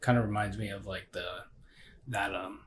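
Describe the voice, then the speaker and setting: A man's voice: lowish voice, fairly even intonation, moderate pace, a bit bright. A man in a casual tasting chat, reviewing a beer while he rambles and searches for words.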